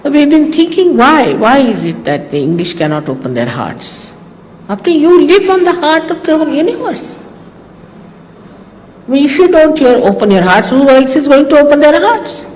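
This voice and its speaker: An older woman with an Indian accent speaks in a high voice at a normal speed, giving her followers an informal, teasing talk as a spiritual teacher. She is animated and acts out little quoted exchanges as she goes. The old archive tape has faint hiss and the echo of a hall.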